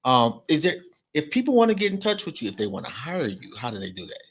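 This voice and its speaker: A man's voice: medium pitch, wildly swooping pitch, fast, husky. A middle-aged man hosting a casual podcast, laid-back and slangy, with bursts of laughter. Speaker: podcast host.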